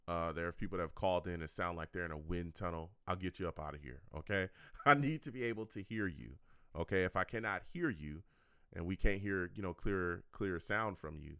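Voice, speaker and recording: This host has a low, resonant voice that's clear and a bit bright, captured dry at studio quality. It's the casual close of his sports fan call-in show, where he chats energetically, says things twice, ends lines with "okay?" or "all right?", and kids around with his chat.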